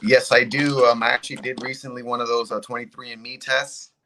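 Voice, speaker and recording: A man's voice: mid-range voice, flat delivery, brisk, pushed and bright, slight background noise. A man calling in as a podcast guest on a video call, speaking in a laid-back, loose way. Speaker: guest, UFC fighter. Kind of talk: casual interview chat. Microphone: video call without earbuds.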